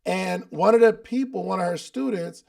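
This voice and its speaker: Speaking at an ordinary pace, a man with a high, creaky, somewhat dark voice runs a live coaching session online. He's a podcast host and business coach whose relaxed delivery leans on slang and repeated phrases for emphasis.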